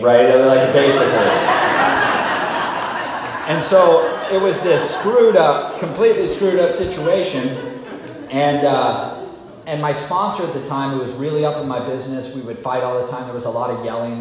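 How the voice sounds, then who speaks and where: A man speaking candidly at a recovery meeting, telling his own story in a confessional, self-mocking way. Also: medium pitch. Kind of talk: personal recovery story talk. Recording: echoey hall with faint noise.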